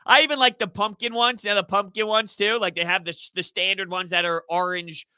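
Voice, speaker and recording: A man's voice: sits high, steady tone, fairly quick, bright, forceful tone, smooth, no echo, clean studio sound. A young man hosts a sports live stream, chatting loosely and reading viewer comments with easy laughs. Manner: chatty, rambling, laughs easily. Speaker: sports YouTube host.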